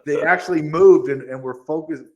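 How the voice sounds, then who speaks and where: A man co-hosting a podcast in casual chat, animated and quick to get excited, sometimes reading quotes aloud. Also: on the high side, dull audio. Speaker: podcast co-host.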